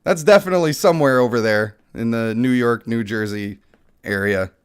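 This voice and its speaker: A man's voice: mid-range voice, moderate pace, smooth. Chatty man hosting a gaming stream. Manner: chatty, self-deprecating, laughs often. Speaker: gaming channel host. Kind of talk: casual gaming commentary and dramatic reading.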